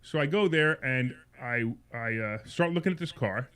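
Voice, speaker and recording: This man's mid-range voice is clear, resonant, fairly bright, and expressive, at a normal speed. As host of a radio call-in show, he rambles through a long personal story, repeating himself and restarting, and becomes increasingly heated and indignant.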